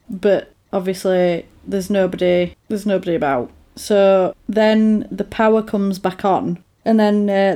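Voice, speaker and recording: A woman chats casually, retelling a film scene by scene. She acts out each character's lines in a lively storytelling manner, her voice sitting at a mid pitch.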